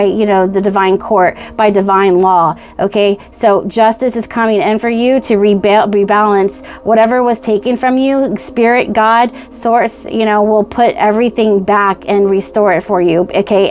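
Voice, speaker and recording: A woman with a fairly high voice reads tarot cards for the viewer. She gushes with excitement and keeps checking in with "okay?" as she talks. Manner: excitable, gushing, addresses viewer directly; says "okay?" and "right?" often. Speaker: tarot reader. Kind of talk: pick-a-card tarot reading.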